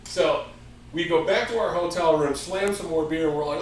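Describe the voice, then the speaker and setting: A man in his fifties from the United States hosts a music store show, his voice a little high at normal speed. In a casual chat he tells a rowdy story, swearing and acting out quotes with sound effects in an animated way. He's recorded from far off in an echoey room with faint ambient noise.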